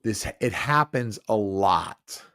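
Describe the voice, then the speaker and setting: A man's voice: on the low side, animated, slow pace, vocal fry, bright, forceful tone. A drunk man hosting a podcast, slurring his speech, rambling and stumbling over repeated words. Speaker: podcast host. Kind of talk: casual live podcast talk.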